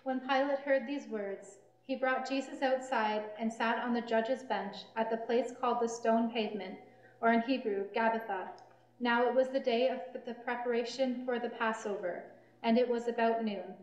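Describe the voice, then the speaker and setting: A woman reading the narration of a scripture passage at a church service, steady and clear. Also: a little high, moderate pace, dull audio. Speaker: lay reader, narrator. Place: church sanctuary. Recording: echoey church.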